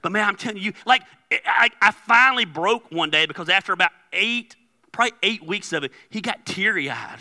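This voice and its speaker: A man's voice: sits high, very animated, brisk, pushed and bright. A male pastor preaching in a loose, conversational way, telling stories and acting out the dialogue. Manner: conversational storytelling with laughs and quoted dialogue. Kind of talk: sermon.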